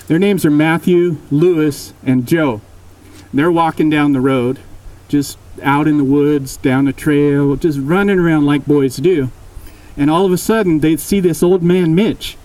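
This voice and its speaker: A man casually telling a spooky story aloud, relaxed and rambling, often correcting himself. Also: on the high side, far from the mic, low-quality recording.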